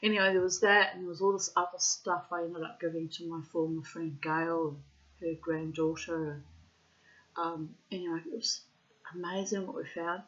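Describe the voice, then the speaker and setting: A woman's voice: on the low side, lo-fi sound. A woman telling a story casually, laughing often, swearing freely and acting out the people she quotes.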